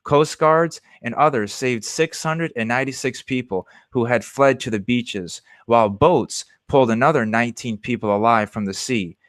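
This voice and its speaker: A podcast co-host reads news items aloud in an even, plain manner, then chats about them. His mid-pitched voice is dry and close-miked. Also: normal speed, hardly any pauses, no echo. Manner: steady, plain news-reading delivery. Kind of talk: reading news aloud, then casual chat.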